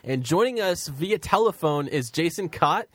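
A man's voice: a little high, lively intonation, normal speed, dry recording. A man hosting a talk radio show, speaking in a friendly, promotional way.

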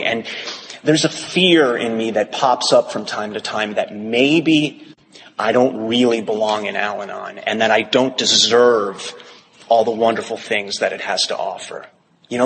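A man's voice: medium pitch, a bit bright. Candid confessional man in a reverberant hall. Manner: candid, confessional, self-mocking. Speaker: Al-Anon speaker. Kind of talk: open talk at a recovery meeting. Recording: reverberant hall, faint background noise.

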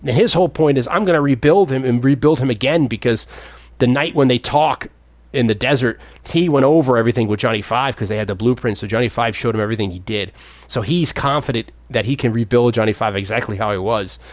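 A man in his thirties co-hosting a casual movie podcast, rambling and often jumping up in pitch to act out the characters. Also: quick pace, no echo. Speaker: podcast co-host.

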